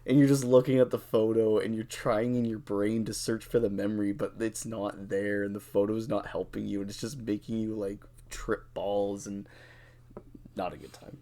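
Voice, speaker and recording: A young adult man co-hosting a podcast, telling a drinking story in a casual, animated way, swearing freely and acting out what people said. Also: fairly low pitch, moderate pace. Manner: animated, profane, acts out quotes. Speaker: podcast co-host.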